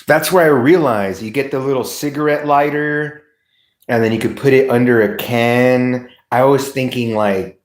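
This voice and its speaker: Laid-back man rambling on a livestream. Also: mid-range voice. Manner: rambling, laughing, profane, chatting with viewers. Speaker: live streamer. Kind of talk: casual livestream chat.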